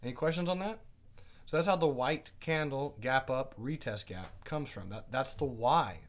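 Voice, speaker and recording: A man's voice: mid-range voice, a little hiss or hum. Chatty male trading teacher. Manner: casual, chatty, reads out viewer comments; asks quick questions to the audience. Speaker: day trading instructor. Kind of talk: live-streamed trading class.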